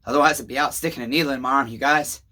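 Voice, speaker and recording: Middle aged guy venting on his vlog, bright tense voice, swearing, yelling then going low and worn out. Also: steady tone, very fast. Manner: swings between shouting outbursts and low weary confession; swears constantly, calls viewers neighbors. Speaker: chainsaw channel host. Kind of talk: emotional rambling vlog monologue.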